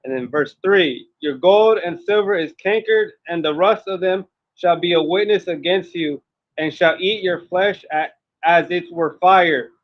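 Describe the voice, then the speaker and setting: A man reading scripture aloud, slow, loud and declamatory. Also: high-pitched, dull audio. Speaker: scripture reader.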